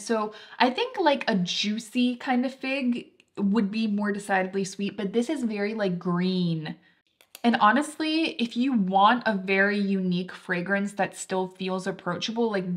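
A young woman talking casually and enthusiastically about her favorite products, full of fillers like "like". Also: mid-range voice. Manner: chatty, filler-heavy, enthusiastic. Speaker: beauty vlogger.

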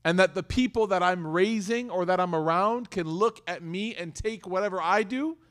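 A man giving a lively sermon to a community audience, talking conversationally and telling stories. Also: sits high, moderate pace. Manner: conversational, animated, addresses audience directly. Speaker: religious community speaker.

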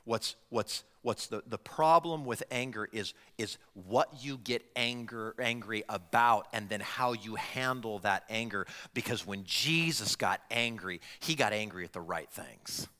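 A man preaching a sermon as pastor, talking in an animated way and putting direct questions to his congregation. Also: lowish voice, a little slow, hardly any pauses, in a large hall. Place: church sanctuary.

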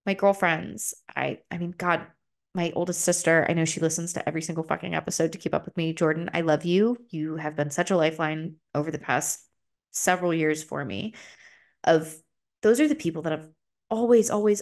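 A young adult woman hosting a solo podcast, talking openly and emotionally and swearing freely, her voice jumping up high when she gets excited. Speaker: podcast host. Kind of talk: solo confessional podcast talk.

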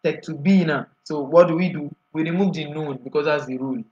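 A man gives a grammar lesson in a slightly higher voice, walking through each rule in order and pausing to ask his students for the next answer. The recording is muffled and lo-fi. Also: a little mellow. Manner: explains step by step, often asks the class "what?". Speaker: Arabic grammar teacher. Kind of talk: classroom lecture.

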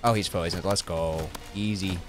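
A man's voice: deep voice, fairly even intonation, normal speed. A man streaming a game, joking and rambling to himself in casual gameplay commentary. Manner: joking, rambling, self-talking while playing. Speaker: gaming streamer. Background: game music.

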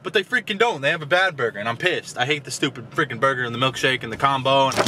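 A young man vlogging a casual food review, animated and ranting with loud exclamations. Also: mid-range voice, fast talker, few pauses, noisy background. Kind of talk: casual vlog chat.

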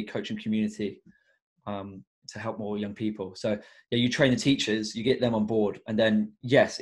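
A young man who works as an education coach, talking earnestly and reflectively as a guest on a podcast, with many fillers. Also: lowish voice. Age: young adult. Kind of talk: casual podcast interview.

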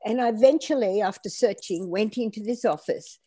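An older woman raised in Australia and born in Greece, telling her story in an animated, conversational interview. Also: mid-range voice, a little fast, slightly rough, no echo, studio quality. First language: Greek. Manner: animated storyteller acting out quoted dialogue. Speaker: author being interviewed.

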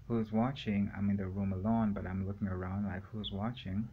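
A man talking alone in a room for a rambling solo vlog, meandering and halting with many fillers and pauses. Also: on the low side, little pitch movement, narrow, tinny audio, a little hiss or hum. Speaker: vlogger.

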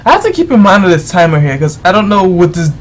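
A gamer giving rambling, exasperated commentary while playing, yelling at the game's characters. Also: medium pitch, sing-song, quick pace. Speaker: let's play gamer. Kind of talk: gameplay commentary.

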